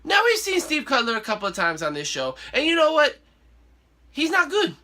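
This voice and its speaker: A male host giving a casual, excitable and playful wrestling recap. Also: extremely high pitch, moderate pace. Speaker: show host.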